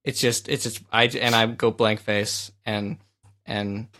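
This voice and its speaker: A man's voice: lowish voice, steady tone, slow pace, pushed and bright. Exasperated man on a group call. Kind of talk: casual chat on a group call. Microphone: call microphone.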